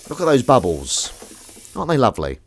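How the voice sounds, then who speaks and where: A man's voice: mid-range voice, wildly swooping pitch, brisk, slight background noise. A man chatting casually while he does the washing up, rambling, jokey and self-mocking, with the odd swear word. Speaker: host doing the washing up on a live stream.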